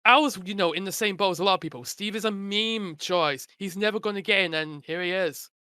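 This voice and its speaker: A man co-hosting a casual podcast chat, easygoing and quick to laugh, leaning on "actually" a lot. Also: sits high, pushed and bright, clean tone, no echo, clean studio sound. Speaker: podcast co-host.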